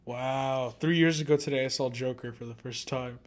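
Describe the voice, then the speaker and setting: A man's voice: mid-range voice, steady tone, normal speed. Giggly male podcast co-host. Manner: giggly and easily distracted, often breaking into laughter. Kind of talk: casual anime podcast chat.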